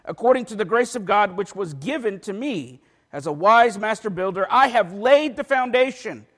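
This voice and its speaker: A male pastor delivers a sermon with an emphatic preaching style and reads scripture aloud. His voice sits high for a man. The sound rings out into a long hall reverb in a church sanctuary. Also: lively intonation, moderate pace, a bit bright.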